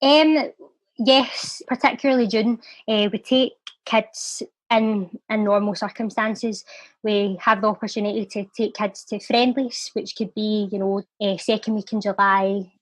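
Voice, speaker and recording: With a medium-pitched, steady voice and a measured pace, a young poet and charity volunteer from Glasgow, Scotland, talks casually and recites her poetry rhythmically. No room sound is audible.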